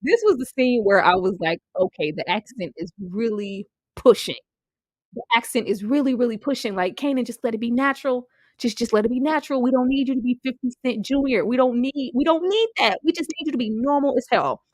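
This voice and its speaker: Young adult woman, TV recap chat, laughs a lot, acts out lines, high swooping voice, dry close sound. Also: fairly quick, no echo. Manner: animated, laughs often, acts out characters' lines. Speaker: TV show reviewer.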